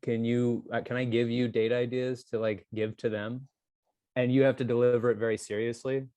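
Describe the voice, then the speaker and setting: A man co-hosting a comedy podcast in casual banter, excitable and teasing, his voice leaping up whenever a joke lands. His pitch sits in an ordinary middle range, and the sound is dry and close with no room around it. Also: normal speed, no echo. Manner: excitable, teasing, jumps up in pitch when joking. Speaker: podcast co-host. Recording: dry close mic on video call.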